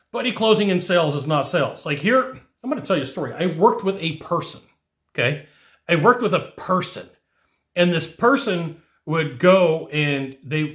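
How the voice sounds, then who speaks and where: A man teaching technicians about sales in a lively monologue, acting out whiny customer voices along the way. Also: fairly high pitch, reverberant. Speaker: sales trainer.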